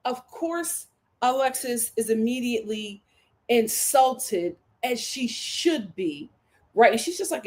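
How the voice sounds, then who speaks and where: Woman, reality TV recap host, somewhat high voice, sassy, blunt, dramatic retelling. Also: expressive, slow pace, a little mellow. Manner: dramatic, acts out quotes in voices. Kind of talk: animated solo commentary.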